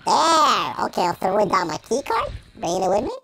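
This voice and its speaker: A man voicing an excitable male cartoon chipmunk who plays a game and yells at it, with a sped-up high-pitched voice. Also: moderate pace, gravelly, very noisy, full character voice. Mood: playful. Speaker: gameplay commentator. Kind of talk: let's-play commentary in character. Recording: game music underneath.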